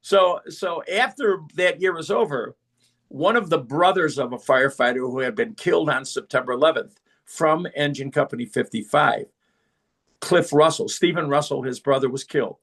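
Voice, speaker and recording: A middle-aged man appears as a podcast guest, telling stories in a casual, lively way and putting on the voices of the people he quotes. His voice is a little high and his pace moderate.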